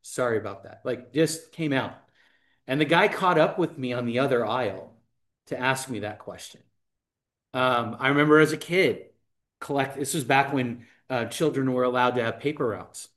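A man's voice: mid-range voice, moderate pace, a bit bright. A man leading a Bible study group, telling anecdotes in casual talk and acting out what people said. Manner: storytelling, acts out anecdotes.

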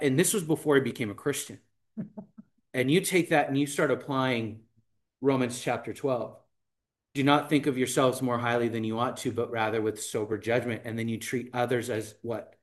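A man leading a Bible study group, telling anecdotes in casual talk and acting out what people said. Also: medium pitch. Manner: storytelling, acts out anecdotes.

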